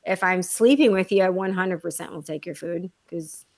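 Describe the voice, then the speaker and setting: A woman co-hosting a casual chat, telling stories in an animated, dramatic way with blunt asides and swearing. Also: lowish voice, moderate pace.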